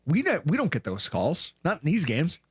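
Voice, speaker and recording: A man talks sports in a casual recap, his voice rising and falling all over the place as he acts out what people said. His pitch sits a bit high for a man. The sound is dry and close. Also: normal speed, slightly rough, no room sound. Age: late 20s or 30s. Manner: animated storyteller, acts out quotes loudly. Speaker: co-host of a sports recap show.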